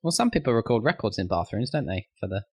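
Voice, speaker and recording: A man co-hosting a casual podcast, teasing his friends and quick to laugh. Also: medium pitch, very animated, breathy edge. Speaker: podcast co-host. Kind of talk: casual chat.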